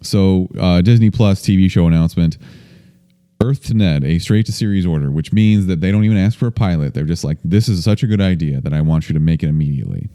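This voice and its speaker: A man's voice: low-pitched, fast talker, warm tone. A man hosting a podcast, reading out a news item in a dry, sarcastic casual chat. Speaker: podcast host.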